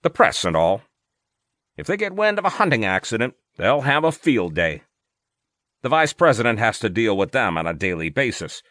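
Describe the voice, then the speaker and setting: A man voicing a smooth, falsely concerned male government aide in a storybook reading, talking in a placating way. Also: lowish voice, very animated, normal speed, fairly bright tone, dry recording, studio quality. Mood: persuasive.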